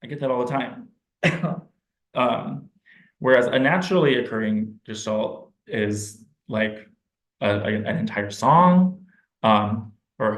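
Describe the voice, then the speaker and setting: A man's voice: mid-range voice, takes it slowly. Man teaching in an echoey room. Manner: relaxed, explanatory, thinks aloud. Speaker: speech-language pathologist presenting to parents. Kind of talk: informal teaching presentation. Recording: roomy echo.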